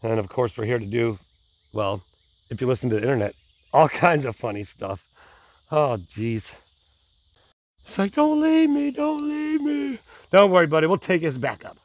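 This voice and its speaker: A man's voice: medium pitch, animated, moderate pace, long pauses, no room sound. A middle-aged man vlogging casually to his viewers, rambling and restarting, pumped up on adrenaline. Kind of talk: casual vlog talk to viewers.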